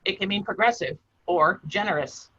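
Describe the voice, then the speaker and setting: A man hosting a trivia quiz over a video call, reading clues in a brisk, matter-of-fact way. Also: high-pitched, sharp tone, slight background noise. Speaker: quiz host. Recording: slightly muffled video call audio.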